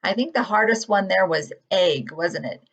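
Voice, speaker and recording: A woman teaching a phonics lesson to young children, modeling words in a gentle, patient, drawn-out way. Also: on the low side, lively intonation, husky. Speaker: kindergarten teacher. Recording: dull lo-fi audio.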